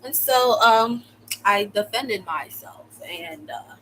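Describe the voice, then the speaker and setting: A young woman from the United States telling a personal story in a casual, slangy way, with sudden loud outbursts. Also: mid-range voice, slow, slight background noise, rough recording. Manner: animated, slangy, swings into loud exclamations. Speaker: vlogger.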